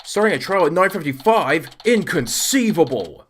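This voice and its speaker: A man voicing a booming, startled old male judge, exclaiming loudly. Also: fast, slight background noise. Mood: astonished. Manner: loud, exclaiming.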